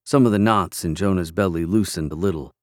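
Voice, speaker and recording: Calm male audiobook narrator, lowish voice, dry close read. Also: a little fast, dry recording.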